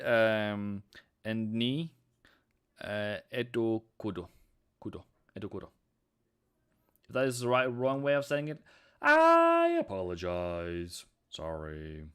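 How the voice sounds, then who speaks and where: A Norwegian-native man chats casually on a live trading stream, fielding viewers' questions. His medium-pitched, clean voice has lively intonation and a moderate pace with frequent pauses. He's chatty, reads chat aloud, and sings little snatches.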